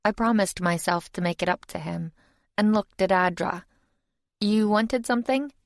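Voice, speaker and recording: A woman's voice: fairly low pitch, fairly even intonation, normal speed, creaky, dry recording, studio quality. A woman narrating a first-person fantasy audiobook in a wry, conversational way.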